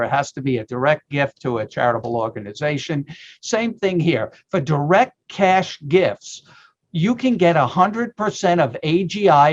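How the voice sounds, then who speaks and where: Emphatic man explaining tax rules, lo-fi. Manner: emphatic, punchy, jumps into a mock infomercial pitch. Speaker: retirement account tax expert guest.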